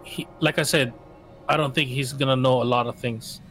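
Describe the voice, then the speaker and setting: A man's voice: mid-range voice, fairly even intonation, normal speed, fairly bright tone, faint music behind. A man chatting playfully as a player in a tabletop game. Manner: giggly, playful.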